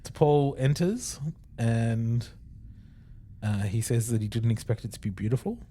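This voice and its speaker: A man's voice: mid-range voice, expressive, measured pace, warm tone. Australian male podcast co-host, casual recap voice, laughs a lot. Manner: chatty, laughs often while retelling scenes.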